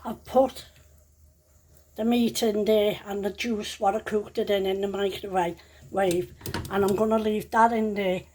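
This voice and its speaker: A woman's voice: mid-range voice, fairly even intonation, unhurried, mellow, a little hiss or hum. An older woman, a grandmother cooking at home, who talks in a chatty, rambling way and often corrects herself mid-sentence. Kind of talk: casual cooking vlog. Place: home kitchen.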